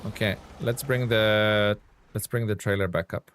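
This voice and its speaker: Male streamer, young adult, relaxed chatty play-by-play with faint background noise. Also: lowish voice, unhurried. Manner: chatty, reads chat aloud and answers viewers. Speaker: game streamer. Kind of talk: casual live-stream commentary.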